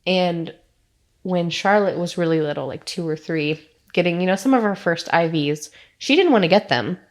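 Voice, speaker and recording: A woman's voice: fairly low pitch, moderate pace. Proud mother speaking heartfelt. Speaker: mother of guests. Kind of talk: interview answer.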